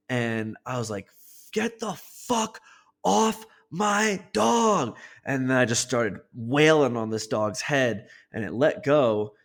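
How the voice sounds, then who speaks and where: Man telling a story, swearing freely. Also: mid-range voice. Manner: animated storytelling, frequent swearing. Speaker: podcast co-host. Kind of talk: casual podcast chat.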